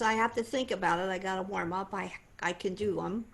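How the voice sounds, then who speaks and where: An older woman voice teacher explaining singing technique in a conversational, animated way. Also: mid-range voice, fairly quick, gravelly. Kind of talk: voice lesson demonstration and explanation.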